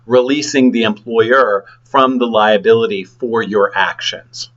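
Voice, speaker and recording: A man lecturing on law, explaining points through lively acted-out examples with sound effects. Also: fairly low pitch, a little slow, lo-fi sound. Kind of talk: classroom lecture.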